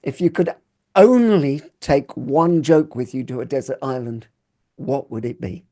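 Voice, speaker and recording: A man's voice: medium pitch, measured pace, dark tone. A man hosting a podcast interview, asking questions in a hesitant, encouraging way. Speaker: podcast host.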